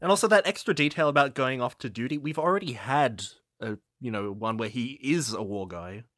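A man's voice: mid-range voice, expressive, fairly quick, fairly bright tone, no room sound, clean studio sound. An Australian man co-hosting a casual film-review podcast, going off on chatty tangents. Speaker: podcast co-host.

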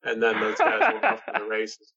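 A man's voice: lowish voice, sing-song, brisk, gravelly, over a noisy crowd. A man telling a loose, meandering anecdote in casual chat, with plenty of fillers and restarts. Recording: slightly dull sound.

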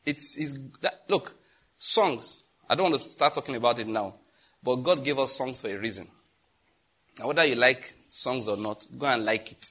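Husky Nigerian preacher with a bright voice. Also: male voice, medium pitch. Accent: Nigerian English. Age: adult, married. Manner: lively, chatty preaching with laughs and asides to the congregation. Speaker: pastor. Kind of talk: sermon.

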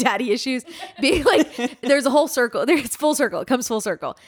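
Chatty young woman telling a rambling story. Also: on the low side. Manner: rambling storytelling with frequent "like" and swearing. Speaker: podcast co-host. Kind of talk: casual chat.

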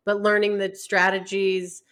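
A woman's voice: mid-range voice, flat delivery. A woman hosting a podcast conversation, affirming her guests and asking follow-up questions. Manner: warmly affirming, quick agreement. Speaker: podcast host.

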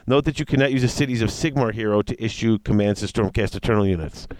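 A man in casual chat, reading tabletop game rules aloud and reacting with excitement. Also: fairly low pitch, fast, no room sound. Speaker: tabletop wargame player discussing rules.

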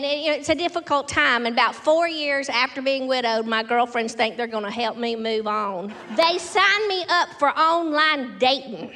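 A woman's voice: high voice, pushed and bright. A woman doing a stand-up comedy routine with a wry, self-deprecating delivery.

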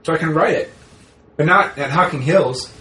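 Rambling guy co-host, a bit high, roomy echoey sound with faint hiss; swears freely. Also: normal speed, sharp tone. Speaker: podcast co-host. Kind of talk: casual chat.

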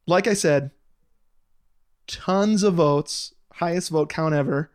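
Brief: male podcast co-host, slightly high pitch, jokey asides. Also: clear, resonant tone. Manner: joking, laughs often, quick asides. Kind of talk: casual chat.

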